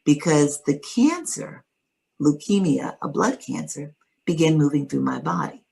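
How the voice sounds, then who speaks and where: A woman earnestly telling a personal story in conversation, measured and steady, with pauses to find her words. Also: low voice, gravelly, breathy edge, rough recording. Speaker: guest sharing her story.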